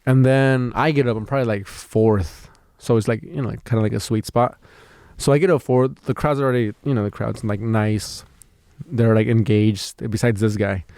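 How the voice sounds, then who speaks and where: A man's voice: lowish voice, steady tone, moderate pace, a little mellow, clean tone, dry recording. A man, a stand-up comedian, telling a rambling story in casual podcast chat, full of fillers, restarts and swearing.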